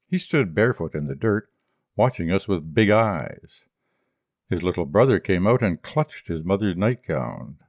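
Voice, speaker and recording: A male audiobook reader narrating a short story in a measured, even way. His voice is low and his pace unhurried. The recording is dry and close, with a slightly dull, muffled sound. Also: no room sound.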